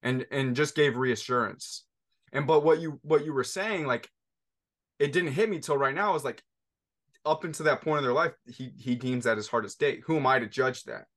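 Podcast host, man, 30s, mid-pitched, rambling storyteller with many restarts. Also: moderate pace, a bit bright. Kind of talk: conversational interview.

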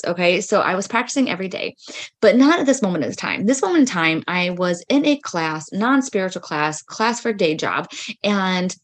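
Podcast host, woman, casual storyteller, rambling and earnest, pitched a bit low. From United States. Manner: chatty, lots of "like" and "freaking".

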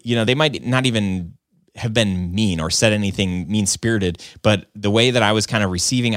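Casual male podcaster, lowish voice, earnest and filler-heavy, dry close sound. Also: fairly bright tone, dry recording. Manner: rambling, filler-heavy with frequent "like" and "um"; earnest and self-reflective. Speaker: video business owner and podcaster. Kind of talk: casual conversational storytelling.

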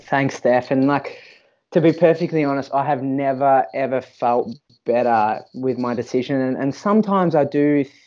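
A man's voice: medium pitch, moderate pace, a little mellow, highs cut off. A man, a fitness professional, speaking as a podcast guest and sharing a personal story candidly, often restarting and repeating words.

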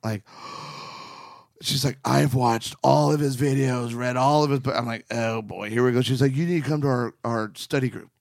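A middle-aged man chats in a lively storytelling way, slipping into quick impressions of the people he quotes. His voice sits at an ordinary middle pitch, recorded close and dry with no room sound. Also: creaky, dry recording. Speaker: podcast co-host and marriage counselor. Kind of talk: casual storytelling chat.

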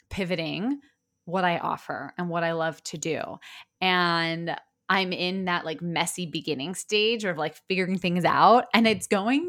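A young woman speaks in a casual, reflective solo talk, earnest and chatty. Her voice sits slightly low for a woman, and she fills her sentences with "like" as she thinks aloud. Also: fairly bright tone. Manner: chatty, earnest, many "like" fillers. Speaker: podcast host and business owner.

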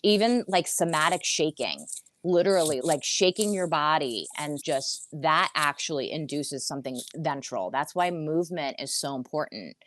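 A woman's voice: sits low, animated, normal speed, fairly bright tone. A woman therapist, a podcast guest, explaining things earnestly in conversation and repeating phrases for emphasis while she sits in a chair. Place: seated in a chair.

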